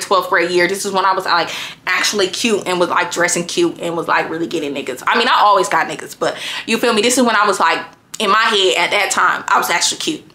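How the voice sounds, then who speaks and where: Young woman, high bright voice, fired-up cursing storytime, echoey room. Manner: heated, profane, animated storytelling. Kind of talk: casual storytime vlog.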